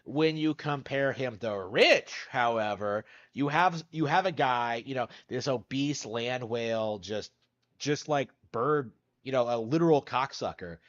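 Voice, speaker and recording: A man's voice: medium pitch, a little slow, fairly bright tone. A man comments on other online figures, rambling and hedging with constant filler words. His audio sounds dull and muffled, as if played from a video.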